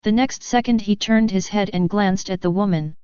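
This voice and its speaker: A woman reading a fanfiction audiobook in a steady storytelling manner. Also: medium pitch, moderate pace, clean tone, dry recording. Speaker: audiobook narrator. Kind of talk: scripted narration. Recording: dry, dull lo-fi recording.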